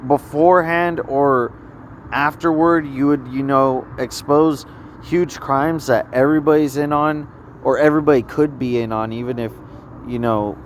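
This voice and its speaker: Rambling man by faint street traffic. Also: mid-range voice. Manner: halting, repetitive, trails off. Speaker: vlogger. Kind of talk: rambling personal storytelling.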